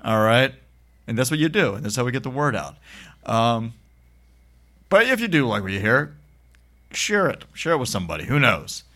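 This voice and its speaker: A man's voice: medium pitch, very animated, brisk, sharp tone. Laid-back laughing podcast host man. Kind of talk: casual podcast banter.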